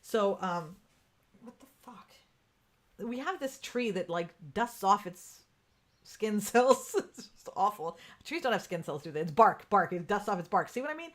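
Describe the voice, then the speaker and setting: Woman host, frank and swearing, live coaching chat, mid-pitched. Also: animated, moderate pace. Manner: candid and profane, laughs often, reads out viewer comments. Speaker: podcast host. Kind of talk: casual live-stream coaching talk. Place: home room with ring light.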